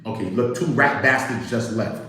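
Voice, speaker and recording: Animated man hosting a livestream, echoey room. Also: medium pitch, moderate pace. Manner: animated storytelling, acts out quotes, talks to chat. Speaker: livestream host. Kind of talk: casual livestream commentary.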